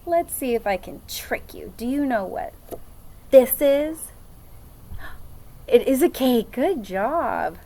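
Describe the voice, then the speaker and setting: Upbeat, lively teacher woman. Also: high voice. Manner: upbeat, encouraging, slow and sing-song. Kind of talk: children's phonics lesson.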